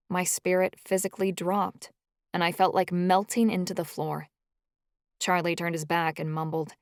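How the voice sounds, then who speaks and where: Low-voiced woman narrating an audiobook. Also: no echo, clean studio sound. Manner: even, measured storytelling. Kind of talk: scripted first-person narration.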